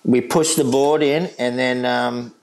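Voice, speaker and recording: A man's voice: medium pitch, steady tone, unhurried, darkish tone, poor audio. A middle-aged Australian man and lifeguard telling a rescue story in casual chat, laughing often and swearing freely. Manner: laughing, swearing, mate-heavy yarn-telling. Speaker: guest lifeguard.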